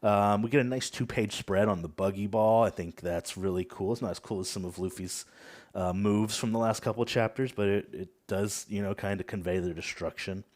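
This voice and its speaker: A man with a fairly low voice chatting on a podcast. He is easygoing and a little hesitant, filling pauses with ums and uhs as he talks through his thoughts. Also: a little mellow. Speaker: podcast co-host. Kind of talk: casual podcast chat.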